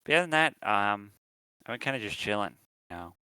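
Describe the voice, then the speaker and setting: A man's voice: lowish voice, expressive, fairly quick, bright, forceful tone, clear, resonant tone, dry recording, low-quality recording. A man co-hosting a podcast, chatting casually and rambling with lots of ums and restarts. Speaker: podcast co-host. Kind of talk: casual chat.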